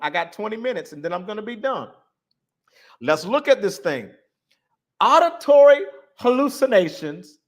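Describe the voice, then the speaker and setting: A man hosting a casual livestream, talking to his chat in an animated, repetitive way. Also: high voice. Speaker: livestream host.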